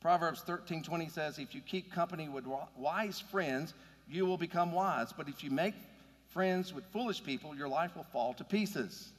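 A man's voice: on the high side, normal speed, big-room sound. A man preaching a sermon in an earnest, conversational way, building to emphatic points. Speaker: pastor.

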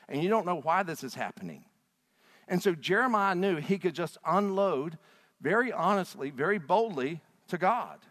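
A male pastor preaching a sermon with passion, swinging between loud and hushed delivery. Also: a little high. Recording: long hall reverb.

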